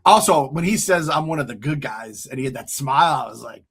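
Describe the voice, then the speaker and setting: A man co-hosting a podcast, recapping TV episodes in casual chat, animated and jokey, often swearing. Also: mid-range voice, fairly quick, vocal fry, husky. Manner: swears freely, jokey asides. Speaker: podcast co-host.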